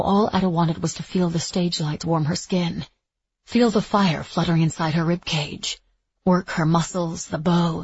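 An audiobook narrator with a husky, lowish voice reads scripted narration from a novel. The recording is dry, slightly dull, and lo-fi.

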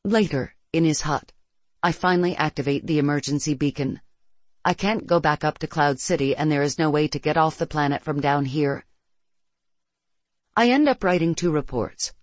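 Steady first-person audiobook narrator. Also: medium pitch, moderate pace, no echo.

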